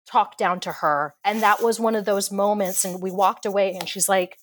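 Woman engineer on a podcast, passionate and expressive, laughs a lot, middle pitch, casual chat. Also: normal speed, a little hiss or hum. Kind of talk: casual interview conversation.

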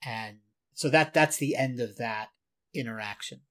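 Speaking a little slowly with a medium-pitched, bright and forceful voice, a podcast co-host walks through a video clip in detail. The conversation is casual, and he explains things and occasionally laughs at himself.

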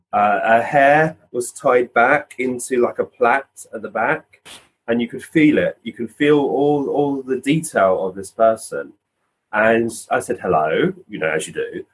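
Husky man telling a story. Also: mid-range voice, unhurried, poor audio. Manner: animated storyteller acting out quoted voices. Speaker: physical medium, guest. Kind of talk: casual conversational storytelling.

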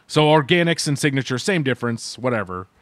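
A man's voice: medium pitch, lively intonation, brisk, no room sound. A man co-hosting a podcast, giving a rambling, meandering casual food review. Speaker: podcast co-host. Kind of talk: casual chat.

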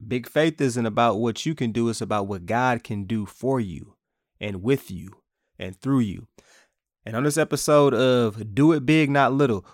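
A man's voice: mid-range voice, no echo, studio quality. A man hosting a podcast, teaching from the Bible in a casual, conversational way and playfully acting out quotes.

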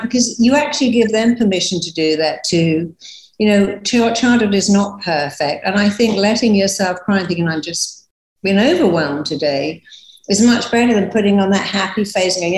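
A woman therapist, a guest on a podcast, giving reassuring advice in a relaxed, conversational way and acting out little quoted examples. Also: mid-range voice, normal speed, echoey room, rough recording.

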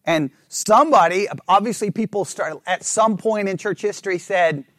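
A man leading a Bible study class, reading scripture aloud slowly and checking in with the group with frequent questions. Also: high voice, a bit bright, dry recording, clean studio sound.

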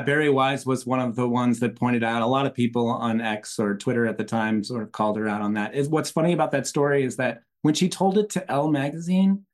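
A man in a mid-range voice, a guest author on an interview podcast. He explains things in a measured, conversational way, now and then with a light laugh. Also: medium pitch.

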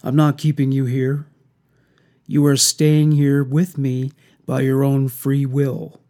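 A man playing a coldly calm killer. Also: medium pitch, slow pace, close to an everyday voice. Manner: soft-spoken, coldly menacing. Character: calm, mocking male killer.

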